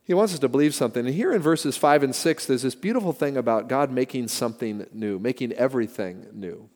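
An older male pastor with a medium-pitched voice preaches a little fast, telling animated stories full of emphatic repetition. The recording carries the long reverb of a large hall.

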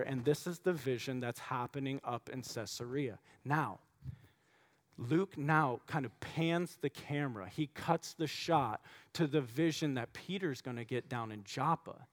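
A man preaching a sermon, reading scripture and retelling it with animated, acted-out storytelling. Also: on the high side, a little slow. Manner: animated storytelling, acting out voices. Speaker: pastor.

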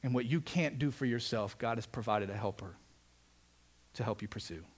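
A man preaching a sermon as pastor, in a conversational, animated way, acting out quotes and asides. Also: medium pitch, moderate pace.

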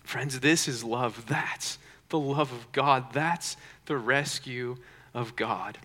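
A man preaching a sermon as pastor, earnest, with rhetorical questions and soft dramatic pauses. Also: medium pitch, big-room sound.

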